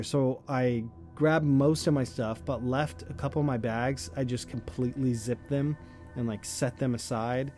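A man's voice: mid-range voice, normal speed, darkish tone, faint music behind. A man telling a personal story in a loose, chatty way, full of "like", light laughs and casual swearing. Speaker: storyteller host.

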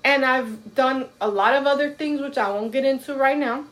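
A woman's voice: sits high, normal speed, fairly bright tone. Blunt, profane woman ranting. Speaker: podcast co-host. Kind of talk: casual chat.

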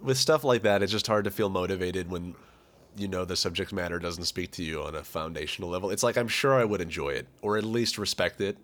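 A man with a hoarse, deep, gravelly voice from being sick, chatting casually as a podcast co-host in a dry, self-deprecating way. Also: fairly quick, a bit bright. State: hoarse from illness. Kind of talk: casual chat.

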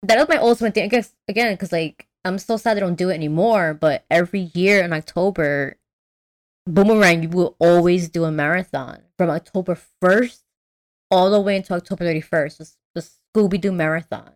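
A young woman talks loosely in casual podcast chat, her voice sitting a little low. She rambles, piling on fillers and restarting her sentences as she goes. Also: brisk. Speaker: podcast co-host.

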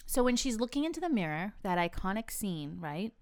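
A woman's voice: mid-range voice, very animated, fairly quick, darkish tone, smooth, dry recording, studio quality. A woman hosting a podcast, quizzing her co-host with trivia and laughing easily in casual chat.

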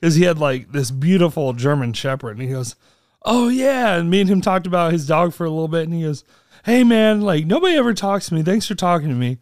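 Animated storytelling man, dry close sound. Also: a little fast, no room sound. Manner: animated, acts out quotes with big pitch jumps. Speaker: podcast co-host. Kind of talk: casual storytelling chat.

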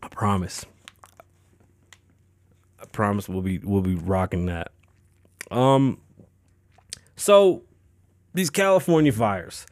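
A man's voice: on the low side, takes it slowly, long pauses, darkish tone, dry recording. Profane, rambling man podcasting solo. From Las Vegas. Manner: loose, profane, rambling with many fillers and restarts. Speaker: podcast host. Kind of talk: casual solo podcast chat.

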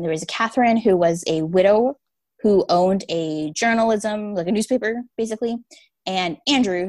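A woman co-hosting a podcast, giving a relaxed casual rundown with many ums. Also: medium pitch, dry recording. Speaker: podcast co-host. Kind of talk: casual chat.

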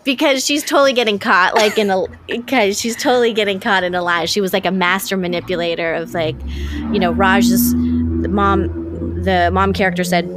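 A woman's voice: medium pitch, fairly even intonation, normal speed, background noise. Chatty woman, eager and rambling. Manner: enthusiastic, rambling with restarts and fillers. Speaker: podcast co-host. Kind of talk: casual chat.

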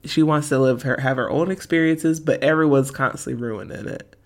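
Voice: mid-range voice, brisk. Podcast co-host, casual and exasperated, laughs often. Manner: giggly, exasperated. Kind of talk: casual recap chat.

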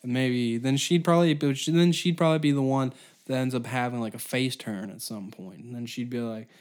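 A man's voice: medium pitch, fairly quick, darkish tone. A man from Canada hosting a solo comedy podcast, rambling and profane as he riffs off the cuff. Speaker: podcast host.

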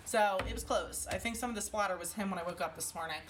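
A young woman, a conference organizer and mother, chatting casually with animated storytelling and a lot of laughter. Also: medium pitch, fast, recorded from a distance, over music. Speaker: event organizer. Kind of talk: casual chat.

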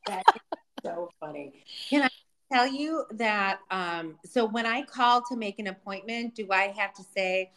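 A woman's voice: medium pitch, a little slow. A woman co-hosting a podcast, telling a story in casual chat, acting out quotes and laughing. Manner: animated, acts out quotes, laughs. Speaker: podcast co-host. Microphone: remote video call.

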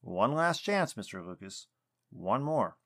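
A man voicing an earnest adult male investigator who talks politely and haltingly. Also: fairly low pitch, very animated, full character voice. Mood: stern. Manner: polite, hesitant with fillers.

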